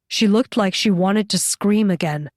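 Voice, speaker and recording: Slow, measured woman audiobook narrator. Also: medium pitch, a little mellow, dry recording, clean studio sound. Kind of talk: scripted narration.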